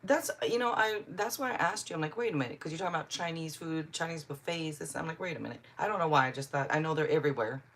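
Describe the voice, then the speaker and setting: A woman from Seattle hosts a live tarot stream, chatting loosely and reading out viewers' comments as they come in. Her voice sits low and slightly husky. She talks in an easy, conversational way, full of little asides. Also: fast, few pauses, fairly bright tone. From Seattle, Washington. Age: adult. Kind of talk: casual live-stream chat.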